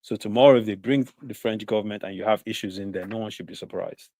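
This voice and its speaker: A man with a low, gravelly voice argues his case on a live talk show. He speaks in a measured way, often checking in with "you know". The sound is close and dry, with no room in it. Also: darkish tone, no room sound. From southern Nigeria. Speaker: panelist.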